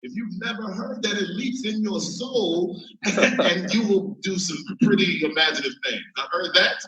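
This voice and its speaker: Animated stand-up comic man, bright. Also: high voice, normal speed. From Chicago. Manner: animated, laughing at his own jokes. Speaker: stand-up comedian. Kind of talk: stand-up comedy. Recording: roomy, from far mic.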